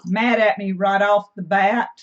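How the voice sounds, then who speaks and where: A woman's voice: medium pitch, fairly even intonation, a little slow. A middle-aged woman, co-hosting a casual homestead live stream, chatty and reading out viewer comments. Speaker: homesteading channel co-host. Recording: dull lo-fi stream audio.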